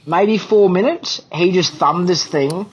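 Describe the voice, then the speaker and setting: Lively Australian man spinning yarns. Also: sits high, a little slow, highs cut off, heavy background noise. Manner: lively, laughing, blunt and profane. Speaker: podcast guest. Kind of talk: casual anecdote telling.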